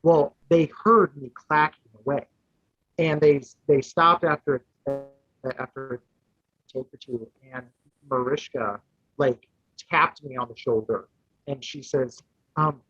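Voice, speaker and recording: A man, a guest contestant, telling a rambling, animated anecdote in casual chat. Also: medium pitch, slow, breathy edge, dry recording. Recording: dull lo-fi dry audio.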